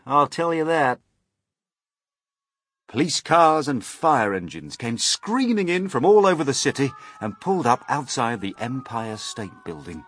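Expressive husky male storybook narrator. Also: mid-range voice, no room sound. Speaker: audiobook narrator. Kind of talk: storybook reading.

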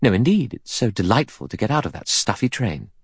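A man with a deep voice voicing a brisk, eager young female secretary in a storybook reading. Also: very animated, dry recording, studio quality, heavily acted. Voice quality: crisp, bright and decisive.

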